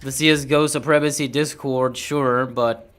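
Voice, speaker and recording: A man's voice: medium pitch, steady tone, moderate pace, fairly bright tone. A man chatting casually on a livestream, laid-back, swearing and tripping over words.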